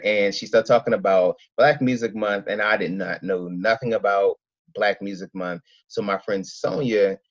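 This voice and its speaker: A man from Philadelphia, an event organizer, telling his story in a casual interview, rambling and excitable with many restarts. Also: fairly low pitch, no echo, lo-fi sound.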